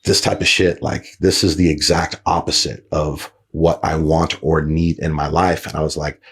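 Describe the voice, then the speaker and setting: A man's voice: extremely low pitch, little pitch movement, normal speed, fairly bright tone, husky. A man hosting a podcast, telling a story casually with lots of fillers, restarts and swearing. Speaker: podcast host.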